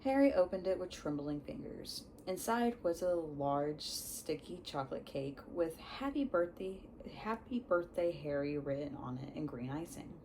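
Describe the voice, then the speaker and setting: A young woman reading a book aloud, unhurried, often stumbling over words and correcting herself. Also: low voice, vocal fry, mellow, slight background noise, rough recording. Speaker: reader. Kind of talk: storybook read-aloud.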